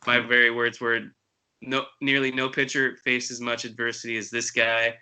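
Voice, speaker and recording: Brief: male sports podcast host, even and level, crisp bright tone. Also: medium pitch, moderate pace, rough recording. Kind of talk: casual sports chat.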